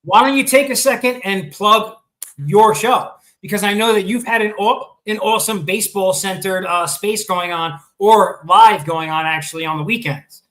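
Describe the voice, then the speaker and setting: A man's voice: high voice, normal speed, hardly any pauses, a bit bright, poor audio. A man hosting a casual sports talk show, chatty and full of ums and restarts, with the hiccups. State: has the hiccups.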